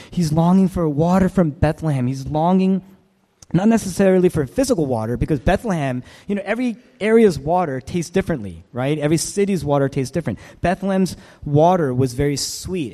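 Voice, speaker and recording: A man preaches a sermon with an animated, emphatic delivery, full of repetition and rhetorical questions. His voice is mellow and fairly high. A long reverb hangs in the hall around him. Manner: emphatic, repeats phrases, asks rhetorical questions. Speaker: pastor.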